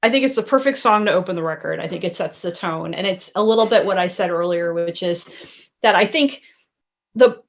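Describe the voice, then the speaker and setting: A woman's voice: lowish voice, fairly quick. Rambling woman on a dull, lo-fi line. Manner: rambling, many fillers. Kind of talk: casual album discussion.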